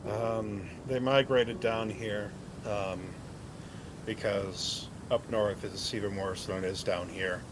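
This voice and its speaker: A man's voice: on the low side, steady tone, slow, background noise. A man playing a tabletop game, joking and hesitant with many ums. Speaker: player. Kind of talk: casual tabletop play.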